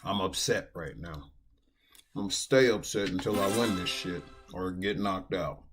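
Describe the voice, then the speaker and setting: Venting with a steady stream of swearing, a man chats casually on a live stream while playing online poker at his computer indoors. His voice sits low and a bit bright, moving at a normal speed, with faint music in the background.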